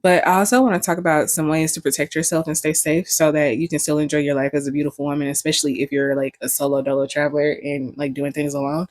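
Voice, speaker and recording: A woman's voice: low voice, level tone, quick pace, few pauses, no room sound. Young woman vlogger, casual storytelling, profane and joking, dry close sound.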